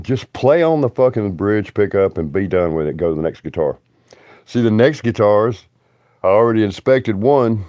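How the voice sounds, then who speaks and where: A blunt man talks off the cuff on a livestream, swearing freely and grumbling. His voice is lowish and dark, and the sound is dry and close. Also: no room sound. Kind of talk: rambling livestream talk.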